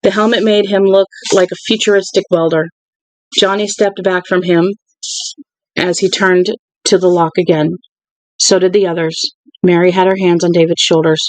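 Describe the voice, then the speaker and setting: A reader narrating a novel aloud in an even, unhurried way, with occasional restarts. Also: mid-range voice, no echo, low-quality recording. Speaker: audiobook reader.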